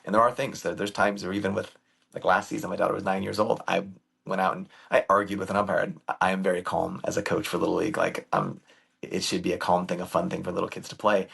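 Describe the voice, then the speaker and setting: A man with a deep, gravelly voice tells baseball stories as a podcast guest. He talks in an emphatic, lively way, and his tone is slightly husky. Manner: animated, emphatic storyteller. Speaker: guest, youth baseball coach and camp director. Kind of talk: casual storytelling conversation.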